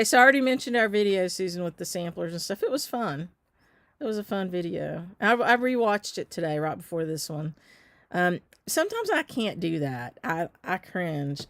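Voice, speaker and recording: On a live stitch stream, a shop owner from the Southern United States chats casually and responds to viewer comments, filling gaps with frequent ums. She speaks on the low side, and the recording has no echo.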